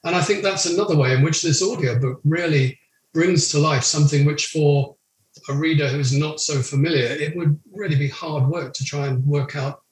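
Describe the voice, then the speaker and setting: A man's voice: fairly high pitch, fairly even intonation. Man explaining in an echoey room. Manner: measured, explanatory. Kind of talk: interview talk. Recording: roomy echo.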